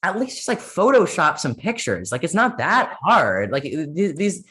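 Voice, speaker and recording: A man's voice: a little high, big pitch swings, a little slow, pushed and bright. A man speaking as a guest in a casual podcast interview, rambling with many fillers and sarcastic asides.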